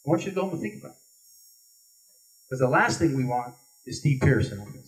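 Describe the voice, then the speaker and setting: A man's voice: medium pitch, big pitch swings, fast. A man running for governor, delivering an emphatic, rallying closing speech at a forum. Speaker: political candidate. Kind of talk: campaign closing statement. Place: meeting hall forum. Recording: distant room mic.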